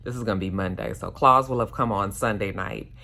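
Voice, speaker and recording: A woman's voice: rumbling low, fairly quick, vocal fry, pushed and bright. A woman giving a casual, slangy recap of a TV episode. She talks into a handheld phone in a hotel room. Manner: chatty, slangy, acts out characters' lines. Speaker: TV episode reviewer.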